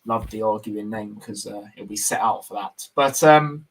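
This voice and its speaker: A young man hosts a football talk stream in a laid-back, casual chat, leaning on fillers as he wraps things up. His voice is on the low side at a normal speed, and the rough recording comes from a phone on mobile data.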